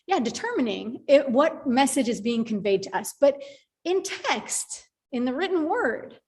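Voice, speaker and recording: A woman hosting a live online group call, talking in a chatty, animated way with many fillers and restarts. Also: high voice, measured pace. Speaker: call host.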